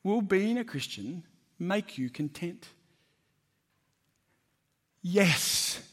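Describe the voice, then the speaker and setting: A man's voice: high voice, expressive, drawn-out words, fairly bright tone. A man preaching a sermon, conversational and emphatic, asking the congregation questions.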